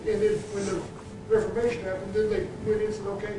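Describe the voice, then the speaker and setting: High-pitched male participant, rambling, far from the mic in an echoey room with noise. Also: monotone, quick pace. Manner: rambling, repeats himself. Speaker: class participant. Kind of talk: casual chat. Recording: roomy and distant with clear noise.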